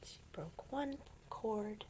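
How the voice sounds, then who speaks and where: A woman reading a picture book aloud to children, gentle and often whispering, with playful animal sounds. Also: mid-range voice, lively intonation, takes it slowly, a little hiss or hum. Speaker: storyteller for children.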